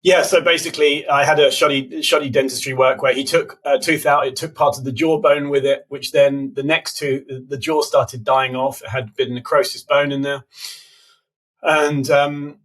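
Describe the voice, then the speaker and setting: A man with a British accent, a podcast guest explaining health topics casually, quick and full of fillers. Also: mid-range voice, level tone, fairly bright tone. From United Kingdom. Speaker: podcast guest, biohacking conference organizer. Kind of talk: casual interview answers.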